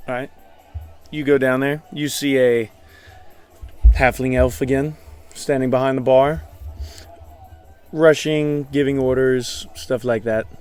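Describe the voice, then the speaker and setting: A man's voice: mid-range voice, steady tone, slow, long pauses, darkish tone, clear, resonant tone. A man narrating as game master in a casual tabletop game, often laughing as he describes the scene. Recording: faint background music.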